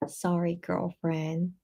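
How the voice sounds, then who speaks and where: Her voice sits on the low side, mellow and touched with vocal fry, as she hosts a late-night livestream and reads chat comments aloud. She replies in a rambling way with plenty of fillers and false starts, seeming weary and slightly tipsy.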